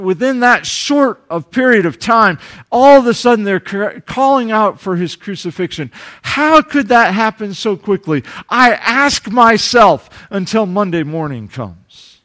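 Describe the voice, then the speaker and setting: A man preaching with a Southern US accent. He speaks slowly and deliberately, pushing to loud emphatic peaks and then dropping to soft, quiet asides. His voice sits high and moves with a lively, rising pitch. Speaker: pastor. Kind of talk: sermon.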